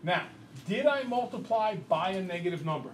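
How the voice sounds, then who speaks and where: A man's voice: high-pitched, moderate pace, a little hiss or hum, rough recording. A man teaching a math class, telling a long story and quizzing his students as he goes. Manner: lively, chatty storyteller who quizzes the class.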